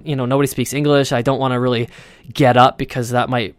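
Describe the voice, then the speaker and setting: Smooth-voiced man telling a rambling story. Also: medium pitch, little pitch movement, fast talker, no room sound. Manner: chatty, rambling, frequent fillers and restarts. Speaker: podcast host. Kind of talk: casual storytelling monologue.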